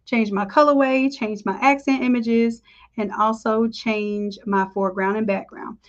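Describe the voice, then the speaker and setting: A woman's voice: fairly high pitch, steady tone, unhurried, muffled recording. A woman teaching design on a live screen-share tutorial, talking in a chatty, upbeat way and calling her viewers y'all. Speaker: design instructor.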